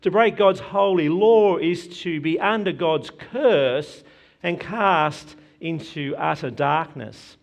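A man delivering a sermon in an unhurried, deliberate way, every phrase given room. His voice sits a little higher than most men's. He leans hard into the scripture he quotes. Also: lively intonation, vocal fry. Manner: earnest, measured preaching with emphatic quoted scripture. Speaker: preacher.

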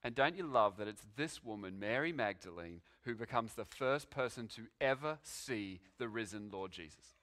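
Bright-voiced man preaching with fervor. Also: mid-range voice, lively intonation. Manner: emphatic, swings from loud declarations to hushed pauses. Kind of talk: sermon.

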